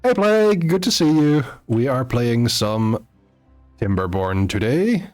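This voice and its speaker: A man's voice: medium pitch, very animated, darkish tone, soft background music. Chatty man streaming a game. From Netherlands. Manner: chatty, halting, with many fillers and restarts. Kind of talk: live gameplay stream chat.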